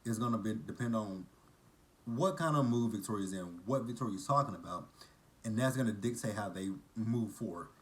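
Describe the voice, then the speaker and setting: A man with a fairly low voice talks through a TV episode in a loose, chatty recap. He breaks off into blunt, profane, mocking side comments. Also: normal speed. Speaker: TV episode reviewer.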